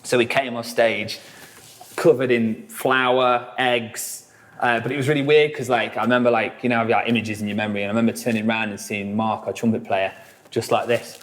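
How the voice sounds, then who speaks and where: A man's voice: mid-range voice, fairly even intonation, a little fast. A man, a musician guest telling rambling stories in a casual interview, full of fillers and swearing.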